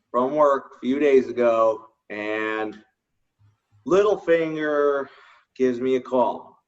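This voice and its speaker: A man co-hosting a casual gaming chat, telling stories in an animated way and laughing often. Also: mid-range voice, distant mic, muffled recording. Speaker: co-host.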